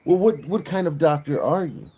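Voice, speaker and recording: A man voicing an agitated, pompous male highway patrolman with a Southern accent who blusters and calls people son. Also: lively intonation, moderate pace, mellow, slightly rough. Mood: indignant.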